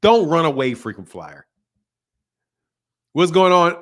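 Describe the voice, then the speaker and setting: A man's voice: fairly high pitch, big pitch swings, takes it slowly. A man hosting a live boxing call-in show, blunt and profane, teasing his callers and laughing often. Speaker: boxing talk show host. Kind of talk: casual live call-in chat.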